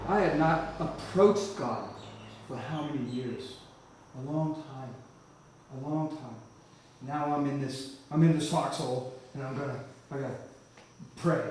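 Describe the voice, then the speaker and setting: Animated male storyteller in an echoey church. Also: mid-range voice. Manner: vivid, animated storyteller who often restarts. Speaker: church speaker giving a testimony. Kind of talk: storytelling sermon testimony. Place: church hall. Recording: echoey church hall from far off.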